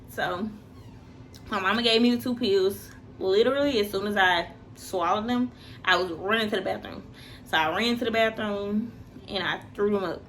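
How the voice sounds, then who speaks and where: Young woman, casual storytelling, animated quoted voices, soft background ambience. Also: moderate pace, a little hiss or hum. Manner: animated, acts out quoted voices with big pitch jumps.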